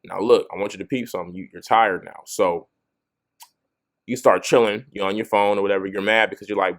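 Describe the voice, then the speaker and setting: This motivational video host is a young man whose lowish voice stays steady and moves a little fast. Addressing the camera directly in a relaxed, motivational manner, he restarts sentences as he thinks and keeps returning to "you know what I'm saying."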